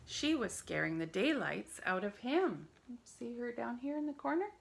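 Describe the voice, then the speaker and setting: A woman leading a church family program, reading a children's story aloud in an expressive storytelling manner. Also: fairly high pitch, moderate pace, gravelly.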